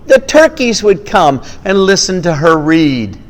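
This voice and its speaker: A man tells a farm tale to families in a slow, drawn-out way, his pitch leaping up and down as he acts out the animal noises. His voice rings with a long reverb. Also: big pitch swings. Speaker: storyteller. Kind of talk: family storytelling with puppets.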